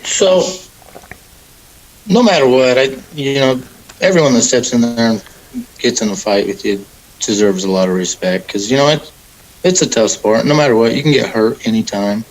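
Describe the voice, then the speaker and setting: A young man, a mixed martial arts fighter, answering interview questions in a relaxed, rambling way with many fillers. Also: mid-range voice, moderate pace, poor audio. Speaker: MMA fighter, guest.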